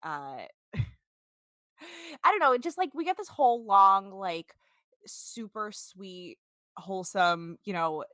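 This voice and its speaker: Young woman, podcast host, bright lively voice, chatty filler-heavy recap, dry close mic. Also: mid-range voice, slow pace, no echo. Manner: animated and chatty, full of "like" fillers.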